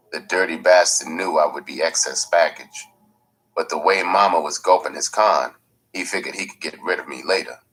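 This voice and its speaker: A man narrates a first-person memoir with slow, measured, gritty delivery. His voice sits very low and has a husky edge. Soft music plays faintly under the reading. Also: poor audio. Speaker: audiobook narrator.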